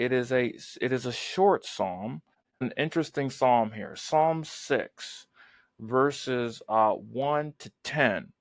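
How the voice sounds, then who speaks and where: A man's voice: medium pitch, dry recording. A man hosting a podcast, commenting earnestly and reading scripture aloud, often repeating words as he thinks. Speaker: podcast host.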